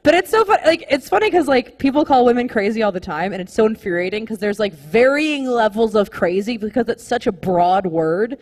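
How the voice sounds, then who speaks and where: A young woman performing a live stand-up comedy set, rambling and animated, full of "like" fillers. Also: on the high side, brisk, hardly any pauses, in a large hall, a little hiss or hum. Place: comedy club stage with live audience.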